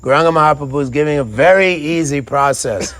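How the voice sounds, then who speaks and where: A man giving a devotional lecture as a storytelling preacher. He is animated and often repeats himself. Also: a little high, brisk.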